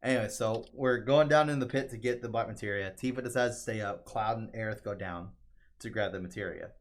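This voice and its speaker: A man's voice: fairly low pitch, a little fast. A man casually recapping a video game story, acting out the characters' lines with lots of fillers. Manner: animated retelling with quoted voices and frequent fillers. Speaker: podcast co-host.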